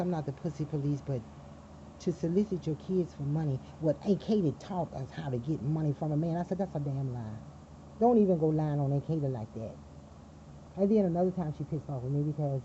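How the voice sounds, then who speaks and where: A woman delivers an angry, profane monologue about her family, her voice sitting a touch low. She tells it emphatically and keeps flaring into heated bursts. A faint hiss runs underneath. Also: dark tone, dull audio.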